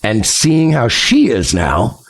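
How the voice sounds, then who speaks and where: A man's voice: medium pitch, wildly swooping pitch, slow pace, husky. A man hosting his livestream, venting bitterly and swearing freely. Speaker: streamer host. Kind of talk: emotional livestream monologue.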